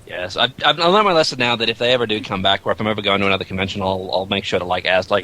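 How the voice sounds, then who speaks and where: A man's voice: sits low, rapid-fire, hardly any pauses, bright, forceful tone, slight background noise. A man from Australia, chatting casually and telling a story with lots of stammers and fillers. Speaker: guest animator. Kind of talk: casual group chat.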